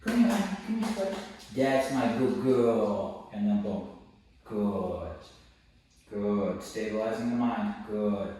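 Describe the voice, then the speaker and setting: Echoey distant man coaching a dog. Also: slow. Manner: explains calmly, breaks into high coaxing praise for the dog. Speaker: dog trainer. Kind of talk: hands-on training lesson. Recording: very echoey, distant mic, faint noise.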